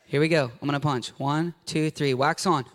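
Male pastor, high bright voice, animated and jokey sermon delivery. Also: moderate pace. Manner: animated, jokey, acts out scenes with a volunteer. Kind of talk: lively sermon with audience interaction. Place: church sanctuary before a congregation.

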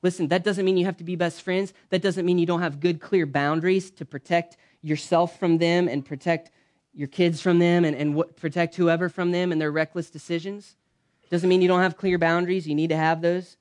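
A man preaching a conversational sermon in a church, punching some lines loudly and dropping others to a soft, low aside. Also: little pitch movement, a little fast. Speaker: pastor.

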